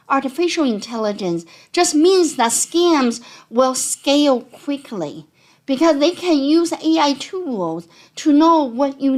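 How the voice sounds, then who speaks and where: Brief: accented woman accountant, high voice, animated and chatty teaching style. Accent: non-native. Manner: conversational, animated, explanatory. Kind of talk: educational talk.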